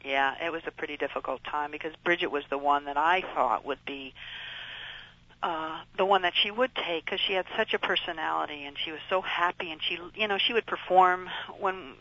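Earnest middle-aged woman, bright voice. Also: deep voice, normal speed, dull audio. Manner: earnest, rambling with many fillers. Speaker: guest, mother of child actors. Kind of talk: storytelling in conversation.

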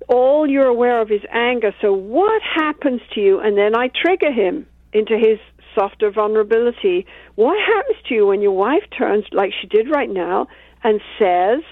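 Woman, couples therapist, calm explainer, tinny phone-like sound, dry. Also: fairly high pitch, no room sound. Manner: calm, explains with acted-out examples. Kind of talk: interview conversation.

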